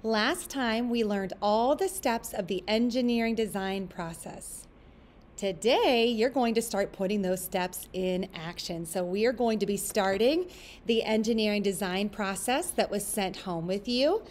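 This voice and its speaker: A school librarian speaking to young children in a recorded lesson, explaining things step by step. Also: female voice, medium pitch, unhurried, a little mellow, a little hiss or hum. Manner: friendly teacher explaining step by step.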